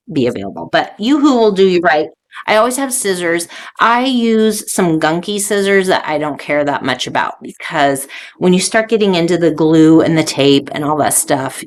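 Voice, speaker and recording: A woman craft vlogger talking through her supplies in easygoing, casual chat full of "um" fillers. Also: lowish voice. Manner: chatty, easygoing, many "um" fillers. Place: home craft studio.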